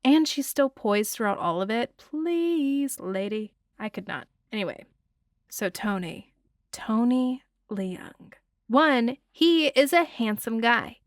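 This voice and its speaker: Gushing, expressive woman reviewing a film. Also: a little high, a little slow, hardly any pauses, dry recording, clean studio sound. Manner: expressive, gushing, swears freely, sighs and laughs. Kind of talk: casual film breakdown.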